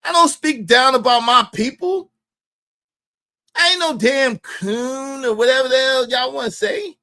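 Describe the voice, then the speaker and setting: A man's voice: very high-pitched, measured pace, pushed and bright. Emphatic man ranting on a livestream. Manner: preachy and emphatic, repeats lines for effect. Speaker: livestream host. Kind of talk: opinionated streaming rant.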